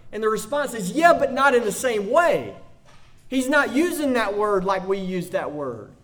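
A pastor delivers a sermon in a notably high voice. He speaks slowly and deliberately, rising now and then to emphatic, forceful peaks.

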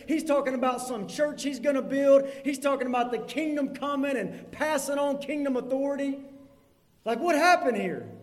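A man preaching a sermon as pastor, emphatic and rising to fervent peaks before dropping low. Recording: long hall reverb.

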